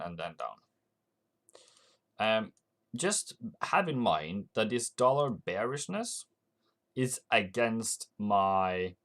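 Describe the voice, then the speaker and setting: Low-voiced Norwegian man streaming trades. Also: fairly bright tone. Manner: rambling, thinking aloud with frequent restarts. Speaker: forex trading streamer. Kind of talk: live-stream market commentary.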